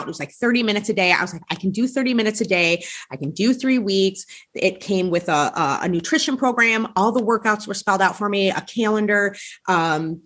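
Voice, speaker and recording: Husky-voiced woman podcast host telling her story. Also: medium pitch, a bit bright. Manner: candid, conversational, frequent "like" fillers.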